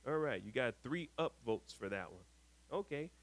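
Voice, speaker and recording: A man hosting a live stream, reading viewer comments aloud with lively ups and downs and grumbling when his screen freezes. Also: medium pitch, normal speed, no room sound. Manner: exasperated, grumbling at tech trouble. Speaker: host.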